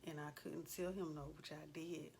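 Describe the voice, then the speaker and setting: A woman's voice: low voice, steady tone, moderate pace, vocal fry, darkish tone, a little hiss or hum. A woman in her forties, a vlogger, talking in an earnest, heartfelt, conversational way with frequent fillers. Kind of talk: casual chat.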